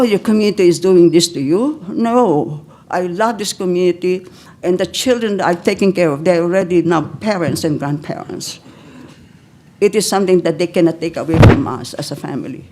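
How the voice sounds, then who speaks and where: A woman's voice: fairly low pitch, a little mellow. Emotional older woman pleading. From Philippines. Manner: pleading, halting, with broken-off restarts. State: emotional, on the verge of tears. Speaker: public commenter. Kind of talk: emotional public comment. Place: county board meeting chamber.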